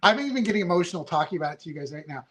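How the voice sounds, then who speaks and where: A man's voice: sits high, animated, very fast, fairly bright tone. A man in his fifties, a reality show contestant, telling his story in a casual podcast interview, rambling and heartfelt with lots of fillers. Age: 50s.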